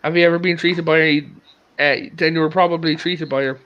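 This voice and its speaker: A man's voice: fairly high pitch, a little fast, dull audio. An Irish man hosting a casual chat, telling stories with lots of laughter. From Republic of Ireland. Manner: animated storyteller, laughs often. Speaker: podcast host.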